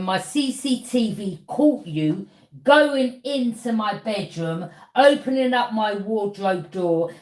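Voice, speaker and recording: Woman, higher voice, echoey room; confrontational tarot reader calling someone out direct to camera. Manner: accusing, repeats "yeah?" as a challenge.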